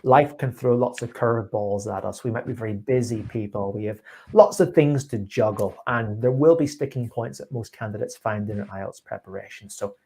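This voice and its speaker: A native English-speaking man teaches an IELTS speaking class live online, offering a student encouraging tips over a video call. His lowish voice has a darkish tone and a breathy edge, and he talks at a normal speed with hardly any pauses.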